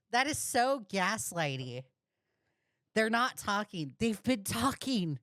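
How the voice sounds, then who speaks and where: A woman's voice: mid-range voice, big pitch swings, slow, a bit bright, no room sound, studio quality. A woman giving blunt, profane, heated reaction commentary on a video she is watching. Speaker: reaction streamer.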